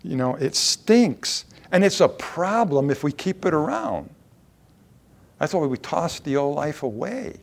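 A man preaching a sermon in a conversational, emphatic way, repeating words and restarting phrases, with sudden jumps and drops in loudness. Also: fairly high pitch, big pitch swings, measured pace, vocal fry. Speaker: pastor.

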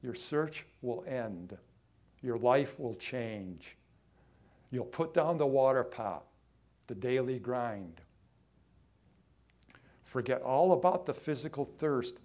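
A man preaching a sermon, emphatic, swinging between loud lines and hushed ones, drawing some phrases out. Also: mid-range voice, animated, slow pace, long pauses. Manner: acts out quoted voices in his own voice.

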